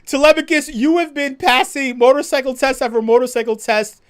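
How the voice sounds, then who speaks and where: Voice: sits high, brisk. Profane, laughing livestream host ranting. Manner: profane, laughing, animated rant. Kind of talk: casual livestream chat reading viewer comments.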